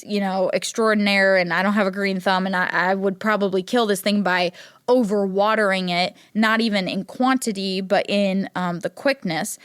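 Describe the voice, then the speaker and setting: A young woman from Ohio tells stories on her solo podcast, chatty and animated, with "like" in almost every phrase. She jumps into a higher voice whenever she quotes someone. Her voice sits at a middle pitch, and the recording is close and dry. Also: clear, resonant tone, no echo. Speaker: podcast host. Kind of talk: casual solo podcast chat.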